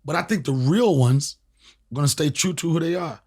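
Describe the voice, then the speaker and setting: Animated, profane comedian with a raised voice. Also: male voice, on the high side, a little fast, vocal fry, husky. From Washington, D.C. area. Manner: animated, profane, emphatic, repeats phrases for punch. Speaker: comedian and podcast host. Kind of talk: casual storytelling in an interview.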